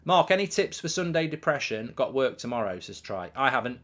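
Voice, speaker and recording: A man's voice: medium pitch, a little fast. Chatty man hosting a football watchalong. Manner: chatty, reads out viewer comments, erupts in loud excitement at goals. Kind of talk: live match watchalong commentary and chat.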